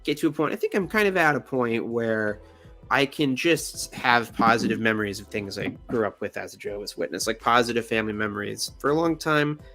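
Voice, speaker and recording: Man, young adult, channel host, casual rambling commentary, jokey, lively pitch, faint background music. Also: brisk. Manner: rambling, joking, animated pitch swings.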